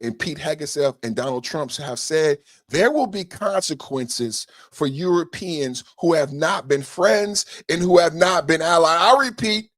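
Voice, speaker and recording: A man hosting a podcast, giving political commentary in an indignant, profane rant that builds into shouting. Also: fairly high pitch, expressive, measured pace, few pauses, no echo, clean studio sound. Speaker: podcast host.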